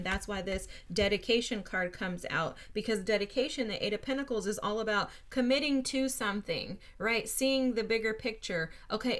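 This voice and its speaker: A woman with a mid-range, fairly bright voice gives a casual spiritual tarot reading. She talks straight to her viewers, earnest and encouraging, and becomes briefly emotional.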